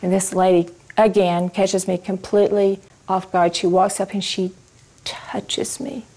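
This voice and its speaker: A Christian ministry speaker, a woman, shares her personal faith testimony with a live audience, telling it expressively and turning to ask them questions. Her voice is medium in pitch and warm, with a flat delivery at a measured pace.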